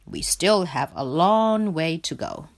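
A woman voicing a firm, adventurous male rat who speaks in a brisk, stern way. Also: low voice, very animated, gravelly, full character voice.

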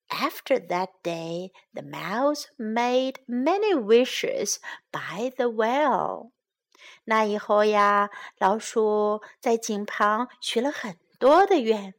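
A woman reads a children's story aloud, slow and gentle, then turns to teaching from it. Her voice sits a little high and rises and falls in lively, melodic swings. She takes her time over every line. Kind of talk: bilingual storybook reading for children.

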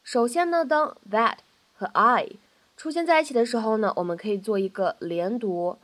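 A woman teaching in a bright, slightly high voice. She explains each point patiently, adds lots of soft fillers, and says every example three times. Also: normal speed. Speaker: English pronunciation teacher. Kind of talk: explanatory lesson narration.

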